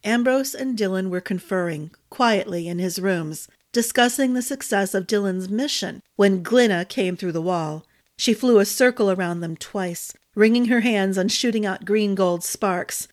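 A woman storyteller giving a measured, expressive audiobook narration. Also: medium pitch.

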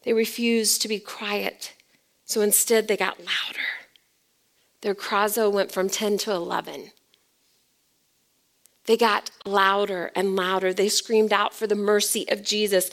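A woman pastor preaching a dramatic sermon. She swings from loud emphasis to near whispers and puts rhetorical questions to the congregation. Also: medium pitch, fairly even intonation, measured pace.

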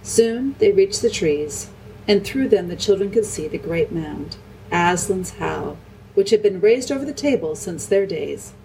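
A woman reads a children's novel aloud in a calm, measured voice. A faint hiss sits under her narration. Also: mid-range voice, creaky, far from the mic, low-quality recording. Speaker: audiobook reader. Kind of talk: storybook narration.

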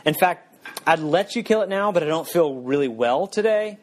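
A man's voice: a little high, lively intonation, normal speed, pitched above the performer's own voice, close to an everyday voice. A nervous male ghost, acted by a man reading to a congregation, whines and bargains in a raised, anxious voice. He pleads and stalls, always finding a reason to wait. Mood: pleading. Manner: pleading, nervous, making excuses. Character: fretful male ghost clinging to his pet.

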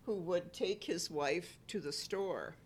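A woman's voice: lowish voice, takes it slowly, a little hiss or hum. A woman co-hosting a casual chat, telling wry stories while fighting a cough. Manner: chatty storyteller, wry humor. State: coughing cold. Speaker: co-host.

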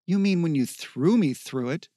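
A man voicing a sharp-tongued teenage girl who speaks sarcastically. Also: fairly high pitch, expressive, moderate pace, dry recording, clean studio sound. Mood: sarcastic.

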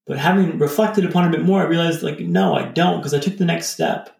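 A man with a slightly high, gravelly voice talks through a video call, his words bouncing around an echoey room. He rambles loosely and reflectively, stringing thoughts together with frequent fillers. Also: steady tone, quick pace, darkish tone. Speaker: podcast guest. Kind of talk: casual reflective storytelling.

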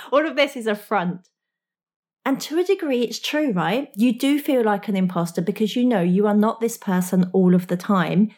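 A woman's voice: medium pitch, a little mellow. Frank woman coach. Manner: direct and frank, slangy, with small laughs. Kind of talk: motivational talk to the listener.

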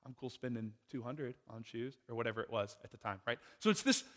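A man's voice: mid-range voice, fast talker, fairly bright tone, big-room sound. A man preaching a sermon in a conversational way, asking the congregation rhetorical questions and acting out the people in the story. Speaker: pastor.

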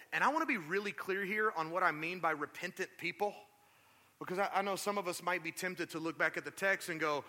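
A male pastor preaching a sermon, telling the story in a lively, conversational way with asides to the congregation. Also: sits high, fast talker. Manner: animated storytelling, acts out quotes.

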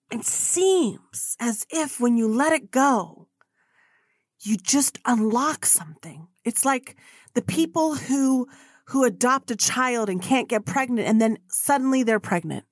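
A woman hosting her own podcast, speaking on her own in a fairly high voice. She tells stories bluntly, swears freely, and acts out the voices of the people she quotes. The sound is dry and close, with little room echo. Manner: blunt, profane storyteller acting out quotes. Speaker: podcast host. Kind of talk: solo podcast monologue.

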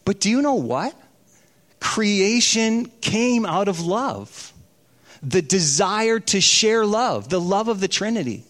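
High-voiced man preaching a sermon. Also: big pitch swings, fairly bright tone. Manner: storytelling, slows down for emphasis. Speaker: pastor.

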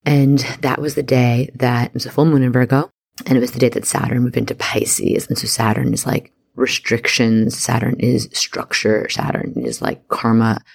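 A woman's voice: extremely low pitch, flat delivery, moderate pace, creaky. A woman hosting an astrology podcast, talking in a bubbly, chatty way full of slang. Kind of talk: casual solo podcast monologue.

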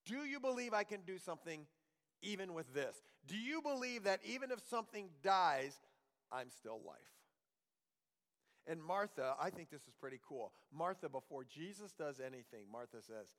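A male pastor preaching a sermon earnestly, pressing rhetorical questions and dropping to a hushed reading voice. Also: a little high, big pitch swings, moderate pace. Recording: long hall reverb.

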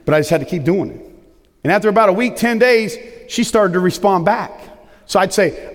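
Middle-aged male pastor, high and booming, big emphatic sermon voice, long hall reverb. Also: brisk. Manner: loud booming preaching voice, lively and emphatic.

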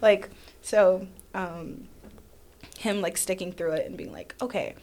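A woman speaking as a guest in a casual conversation, animated and self-deprecating, often acting out what others said. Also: lowish voice, slow. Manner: animated, self-deprecating, acts out quoted voices.

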